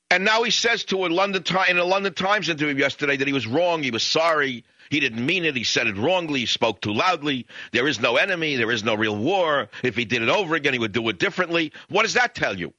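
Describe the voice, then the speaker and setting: A man's voice: a little high, pushed and bright, no room sound, dull audio. A man hosting a talk radio show, delivering a combative monologue in bombastic bursts. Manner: bombastic, rising to emphatic peaks.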